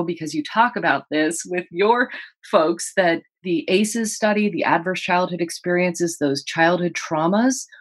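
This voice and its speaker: A woman with a lowish voice tells her own story in an interview. She speaks earnestly and paints the moments vividly for the listener. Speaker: guest, author.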